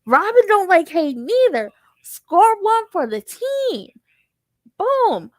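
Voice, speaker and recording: Sassy high-voiced young woman recapping TV. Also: slow, no echo. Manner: sassy, joking, animated storytelling. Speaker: tv recap vlogger. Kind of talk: casual TV episode recap.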